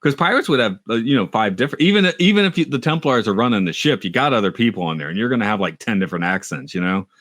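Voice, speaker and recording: A man's voice: fairly low pitch, expressive, quick pace, few pauses, fairly bright tone, no echo, studio quality. A middle-aged man co-hosting a podcast, rambling and self-mocking, with frequent restarts. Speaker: podcast co-host. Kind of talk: casual chat.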